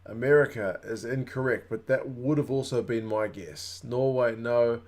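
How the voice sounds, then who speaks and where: A man's voice: mid-range voice, normal speed, darkish tone. A man, hosting a casual rugby watch-along stream and chatting with viewers. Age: 30s. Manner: chatty, reacting to live chat comments. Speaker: livestream host.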